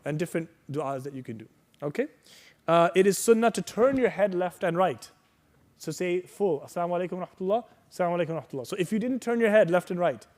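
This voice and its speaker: Reassuring man teaching a prayer workshop. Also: a little high. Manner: patient, reassuring explanation with recited Arabic phrases; frequent "right?" and "okay?" check-ins. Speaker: religious teacher.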